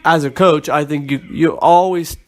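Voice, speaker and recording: A man co-hosting a casual fantasy football podcast, speaking in a relaxed, rambling way with frequent ums. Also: a little high, normal speed. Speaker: podcast co-host.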